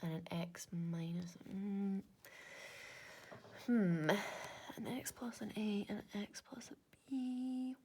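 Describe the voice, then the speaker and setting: A woman's voice: medium pitch, slow, darkish tone, breathy edge. A young Scottish woman with an Inverness accent, working through maths aloud in a casual way and muttering to herself between half-whispered asides. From Scotland. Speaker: maths content creator.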